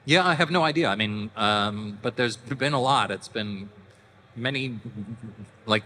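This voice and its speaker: A man's voice: mid-range voice, unhurried, bright, forceful tone. A middle-aged man from Canada, a panel guest telling stories casually and animatedly to a convention audience, with laughs and acted-out voices. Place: large convention hall. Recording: reverberant hall with faint noise.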